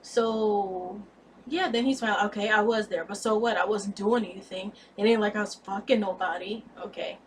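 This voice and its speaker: A young woman in her twenties telling a candid, blunt storytime vlog about a breakup, expressive and cursing freely. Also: mid-range voice, normal speed, recorded from a distance, slight background noise. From United States. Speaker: vlogger.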